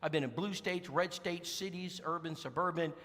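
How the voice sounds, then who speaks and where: A man preaching, telling folksy stories in an animated, emphatic way to a congregation in a church. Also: a little high, moderate pace, big-room sound. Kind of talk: sermon storytelling. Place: church sanctuary.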